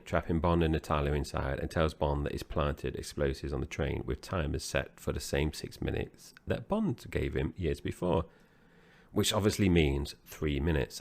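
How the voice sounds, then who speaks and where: Very deep-voiced man. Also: gravelly. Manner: easygoing, recaps the plot, hesitant restarts. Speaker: podcast co-host. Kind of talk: casual film-review chat.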